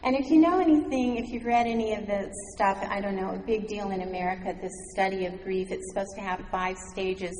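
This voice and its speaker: A woman telling a personal story as part of a sermon, earnest and slowing down for emphasis. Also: medium pitch, fairly even intonation, a little mellow, a little hiss or hum. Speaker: speaker at a church gathering. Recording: echoey hall, faint ambience.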